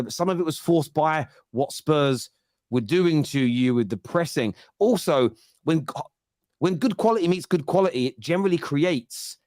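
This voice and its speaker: A young adult man hosting a football fan show, chatting casually and reacting to comments with quick restarts and mock-exasperated asides. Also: a little high, darkish tone, dry recording, studio quality. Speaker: football fan channel host. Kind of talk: casual live chat reading fan comments.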